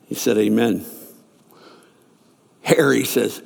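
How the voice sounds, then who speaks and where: A man's voice: sits high, expressive, a little slow, gravelly, long pauses, slightly rough. A man preaching a sermon, telling a story and acting out the characters' lines in raised voices. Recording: long reverb of a large hall.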